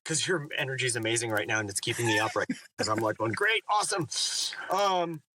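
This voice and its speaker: A man's voice: medium pitch, animated, fast, recorded from a distance, noisy background. A man who narrates audiobooks, talking thoughtfully and with animation in an interview. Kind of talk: reflective interview talk.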